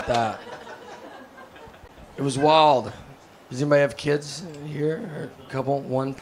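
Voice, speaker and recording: Stand-up: middle-aged man, mid pitch, rambling deadpan storyteller, live stage recording with clear noise. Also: slow pace, long pauses. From United States. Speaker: stand-up comedian. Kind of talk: stand-up comedy set. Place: stage before a laughing audience.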